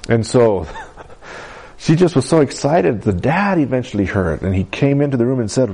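A man's voice: mid-range voice, lively intonation, moderate pace, mellow, slightly rough. A middle-aged man teaching a Bible class, telling a story in a conversational way with asides and fillers.

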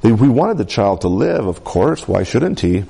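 A male preacher delivers a conversational sermon and often asks the congregation to respond. His voice is warm and mellow, and his pitch swings widely. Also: very animated, moderate pace, creaky, husky.

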